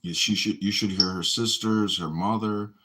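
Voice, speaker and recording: A man's voice: lowish voice, fairly even intonation, moderate pace, pushed and bright, slight background noise, low-quality recording. An American man chatting casually over a phone, telling meandering stories and quoting other people. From United States. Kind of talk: casual chat.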